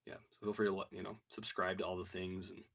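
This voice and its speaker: A man's voice: low voice, level tone, fast talker, vocal fry, a bit bright. A man co-hosting a casual marketing chat over a video call, rambling with frequent restarts. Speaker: co-host.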